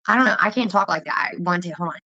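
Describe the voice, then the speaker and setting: A woman's voice: lowish voice, very fast, sharp tone, no room sound, lo-fi sound. A woman chatting casually and rambling, laughing and swearing as she talks. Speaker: streamer chatting with viewers. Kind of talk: casual livestream chat.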